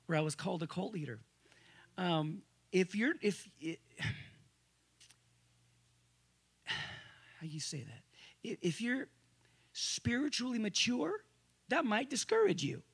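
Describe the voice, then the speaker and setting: Husky-voiced male pastor preaching. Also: sits high. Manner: conversational preaching with frequent restarts; swings between loud emphasis and quiet asides. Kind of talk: sermon. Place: church service room with a congregation.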